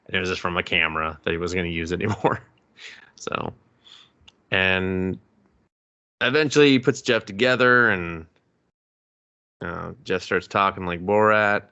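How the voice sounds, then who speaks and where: A man's voice: sits low, expressive, moderate pace, long pauses, bright, forceful tone, lo-fi sound. A young man co-hosting a podcast who reviews a movie in casual chat, joking and laughing often and putting on silly voices. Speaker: podcast co-host.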